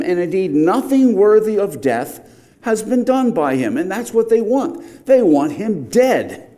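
A man's voice: high-pitched, mellow. A middle-aged man preaching a verse-by-verse sermon, explaining the text and rising to emphatic outbursts on key points.

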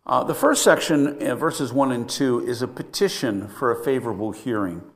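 A pastor teaching a Bible study in a relaxed, conversational way, pausing often with fillers and restarting sentences. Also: male voice, medium pitch.

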